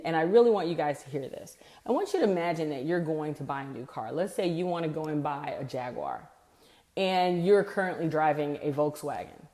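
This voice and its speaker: A woman's voice: low-pitched, a little mellow. A woman in her forties giving a blunt, emphatic sales rant, acting out quoted people as she goes. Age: 40s. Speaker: sales speaker. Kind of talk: ranting monologue.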